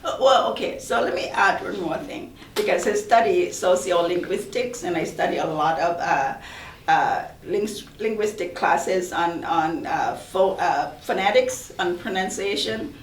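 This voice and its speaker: A woman's voice: on the low side, a little slow, slight background noise. Woman professor on a panel, earnest and emphatic, sounds far away, roomy echo. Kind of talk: panel discussion. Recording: roomy, distant mic.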